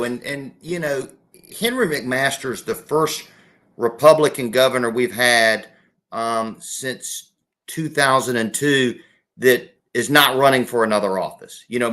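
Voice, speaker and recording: A middle-aged former state legislator from South Carolina talks politics as an interview guest. His mid-range voice has a sharp tone, and he speaks folksily, correcting himself and restarting sentences.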